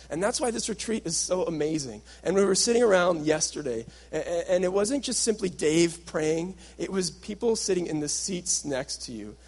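Giving a sermon-style workshop talk, a young adult man with a fairly high, husky, darkish voice tells a personal story, slipping into the voices of his past self and the people around him.

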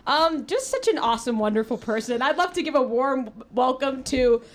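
A woman's voice: sits high, animated, fairly quick. A young woman hosting a casual podcast chat, bubbly and teasing, often giggling. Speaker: podcast host.

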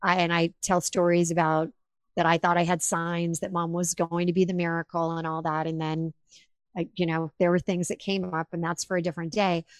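A woman's voice: lowish voice, brisk, no echo. Effusive woman podcast host, dry sound. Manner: animated, effusive. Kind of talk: emotional personal storytelling.

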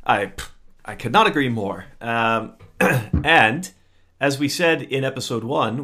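A man's voice: mid-range voice, a bit bright. Chatty upbeat podcast host man. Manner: chatty, upbeat, loose with filler words. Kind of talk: casual podcast chat.

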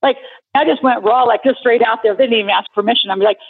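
A woman's voice: on the high side, husky. A woman hosting a talk show, chatty and filler-heavy in casual conversation. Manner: chatty, quick-talking with many fillers. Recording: tinny phone-like radio sound.

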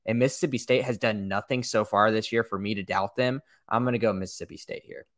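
A man's voice: lowish voice, fairly even intonation, quick pace, fairly bright tone, no room sound, studio quality. A man co-hosting a casual sports podcast, emphatic and teasing. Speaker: podcast co-host.

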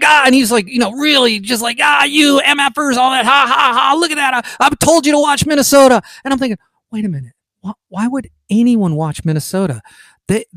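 A man's voice: fairly high pitch, dry recording. Emphatic opinionated male podcast host. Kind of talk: political commentary podcast.

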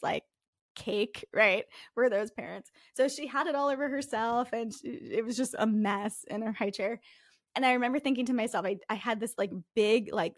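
A woman's voice: mid-range voice, no echo, clean studio sound. Candid woman with a Northeast accent. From farming community in the US. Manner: candid, chatty storytelling with laughs. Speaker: guest. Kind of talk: podcast interview.

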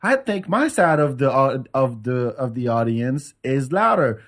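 Animated man telling comic stories. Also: medium pitch, unhurried. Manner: animated storyteller, mimics voices for jokes. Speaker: podcast host. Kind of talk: casual comedic chat.

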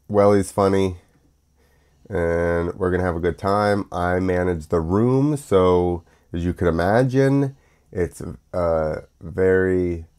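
A young man hosting his own show, talking casually in a sarcastic, ranting monologue that drifts off on tangents. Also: on the low side. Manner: sarcastic, mocking. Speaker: show host.

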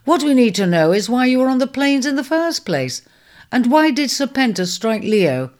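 A woman's voice: on the high side, sing-song, moderate pace, pitched above the performer's own voice. A woman voicing a prickly, disdainful male character who snaps impatiently in a storybook reading. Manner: sharp, impatient, snapping.

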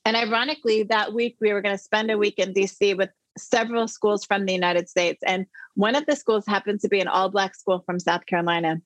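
A middle-aged woman, an interview guest, telling a personal story with animated emphasis. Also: medium pitch, a little fast, hardly any pauses, dry recording. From the Netherlands.

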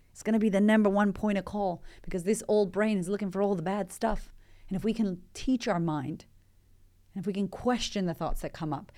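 On her motivational podcast, this thirties-aged life coach speaks at a medium pitch. She keeps things energetic and conversational, peppering listeners with rhetorical questions.

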